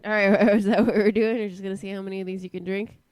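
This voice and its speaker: A woman co-hosting a podcast in casual chat, sounding stuffy and nasal from a cold, chatty and quick to laugh. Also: mid-range voice, little pitch movement, a little mellow, dry recording. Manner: chatty, laughs easily, many restarts. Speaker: podcast co-host.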